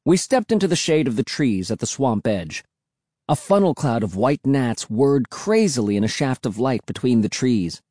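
A man reading a children's novel aloud as an audiobook narrator, voicing the children's dialogue with shifts in pitch. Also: lively intonation, normal speed, warm tone, no echo, studio quality.

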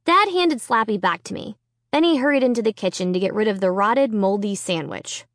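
A woman reading a children's horror novel aloud, with expressive storytelling. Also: medium pitch, fairly quick, no room sound, clean studio sound. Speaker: audiobook reader. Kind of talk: scripted narration.

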